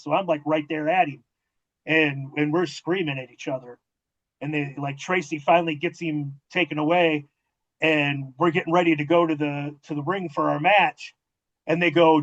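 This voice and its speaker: A man with a fairly high-pitched voice tells backstage stories in a loose, conversational way, acting out the dialogue and swearing freely. The recording is dull and lo-fi. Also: normal speed. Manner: profane, animated storytelling with quoted dialogue. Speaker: podcast host and former wrestling manager. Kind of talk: casual storytelling interview. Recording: dull lo-fi audio.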